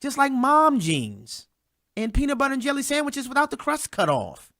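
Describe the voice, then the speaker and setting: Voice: sits high, huge pitch swings, normal speed, fairly bright tone, no echo, studio quality. A host delivering a sarcastic political commentary monologue, talking straight to listeners and mocking the people discussed.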